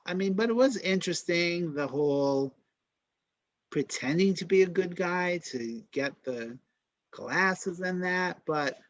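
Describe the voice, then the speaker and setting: Chatty podcast host man, slightly high. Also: a bit bright, dry recording, muffled recording. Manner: chatty, leads the discussion. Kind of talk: casual chat.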